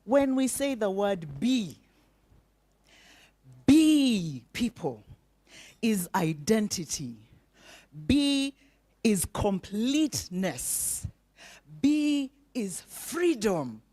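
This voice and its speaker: A woman delivers an inspirational keynote at a breakfast event. She speaks slowly and emphatically, leaning on repetition and rhetorical questions. Her voice sits at an ordinary middle pitch for a woman. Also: big pitch swings, warm tone. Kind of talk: inspirational speech with call-and-response.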